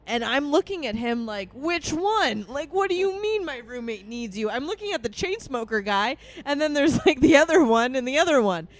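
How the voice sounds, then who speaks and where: A young woman in her twenties co-hosting a podcast, telling a story in casual chat, laughing often and acting out what people said. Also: on the high side. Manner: animated, laughs often, acts out quotes. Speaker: podcast co-host.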